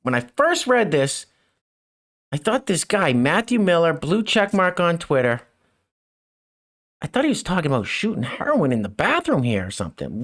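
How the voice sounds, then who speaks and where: A man's voice: on the high side, huge pitch swings, normal speed, fairly bright tone. A middle-aged man hosting a mocking news commentary show, with sarcastic, chuckling asides. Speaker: show host.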